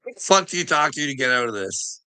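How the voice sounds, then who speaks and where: A man's voice: medium pitch, very animated, fast talker, pushed and bright, smooth. A man ranting casually to his viewers, swearing constantly, rambling and laughing between thoughts. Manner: profane, rambling, laughing often.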